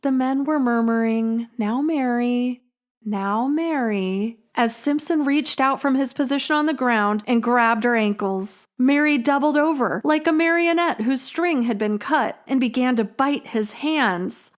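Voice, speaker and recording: A woman hosting a storytelling podcast, reading a scripted story in a measured, dramatic way. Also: high-pitched. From Illinois, USA. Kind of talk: scripted narration.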